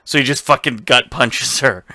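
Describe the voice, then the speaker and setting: A man's voice: mid-range voice, normal speed, bright, forceful tone, no echo, studio quality. A man co-hosting a podcast, recapping a TV episode in a loose, rambling way with frequent swearing and laughter. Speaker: podcast co-host. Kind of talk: casual recap chat.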